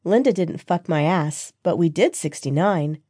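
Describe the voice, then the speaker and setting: A woman voicing a young heroine who speaks softly and with contented sighs in an audiobook. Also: fairly low pitch, lively intonation, measured pace, breathy edge, no room sound, studio quality. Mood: dreamy. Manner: soft, sighing, contented.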